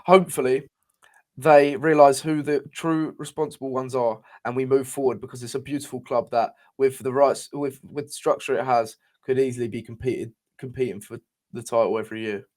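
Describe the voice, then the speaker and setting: A man co-hosting a football podcast, talking in an excitable, sweary, rambling way with many restarts. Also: medium pitch, brisk. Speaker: podcast co-host. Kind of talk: casual football chat.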